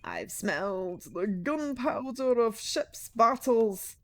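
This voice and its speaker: A woman playing a deep raspy old sea captain, slow dramatic delivery, lively pitch, game voice. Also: heavily acted. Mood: grandiose.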